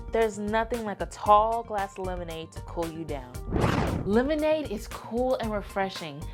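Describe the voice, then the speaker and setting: A woman presenting a scripted children's devotional video, chatty and asking the viewer questions. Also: medium pitch.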